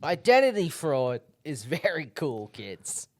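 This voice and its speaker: Higher-pitched man, teasing banter. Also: very animated, slow. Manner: provocative, teasing jokes. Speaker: podcast co-host. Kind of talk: casual comedic chat.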